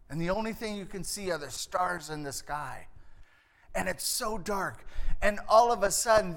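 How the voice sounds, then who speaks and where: High-voiced male pastor, unhurried sermon. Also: bright, forceful tone, big-room sound. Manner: dramatic storytelling, acting out the angel and reading scripture with rising force.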